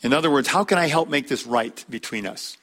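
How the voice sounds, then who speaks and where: A man preaching to his congregation in a measured, earnest style, slowing down to stress his points. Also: medium pitch, a bit bright. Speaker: pastor. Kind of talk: sermon.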